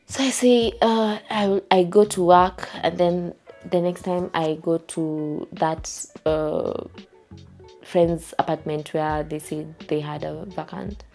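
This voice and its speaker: A woman's voice: on the low side, steady tone, slow pace, creaky, a little mellow, faint music behind. A young woman with a Kenyan accent, telling a storytime vlog from her home in a chatty, repetitive way. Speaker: vlogger. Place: her home while packing to move.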